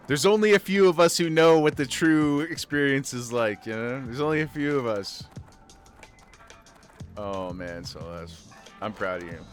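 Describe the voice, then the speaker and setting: A man's voice: medium pitch, moderate pace. Streamer dude rambling and hyping his chat up, swears a lot, bit of music under him. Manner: excitable, swears freely, breaks into laughs and repeats himself. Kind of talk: casual livestream chat.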